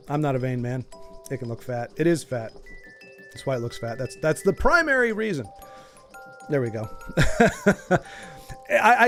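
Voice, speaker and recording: A man streaming a video game, chatting casually and jokingly with his viewers in a rambling way. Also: fairly high pitch. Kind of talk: casual live-stream chat.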